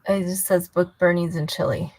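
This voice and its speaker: A woman's voice: lowish voice, fairly even intonation, normal speed, darkish tone. Woman co-teacher with short interjections. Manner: brief, laughing interjections. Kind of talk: casual classroom chat.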